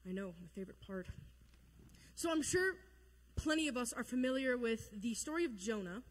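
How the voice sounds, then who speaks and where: A woman's voice: on the high side, lively intonation, normal speed, big-room sound. A woman leading a casual Bible lesson, chatty and joking, acting out quotes in funny voices. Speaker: youth Bible study leader.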